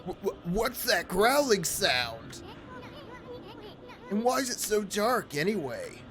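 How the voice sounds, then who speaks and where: A woman's voice: medium pitch, very animated, a bit bright. A woman voicing a boastful, sleazy little male bug artist in a video game. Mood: cocky. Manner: boastful, brash, fast-talking. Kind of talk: reading game dialogue aloud. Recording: game music behind.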